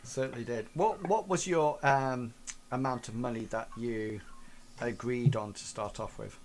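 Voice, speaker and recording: A man's voice: mid-range voice, a little slow, darkish tone, a little hiss or hum. A man running a tabletop game as game master, narrating in a rambling way with many fillers.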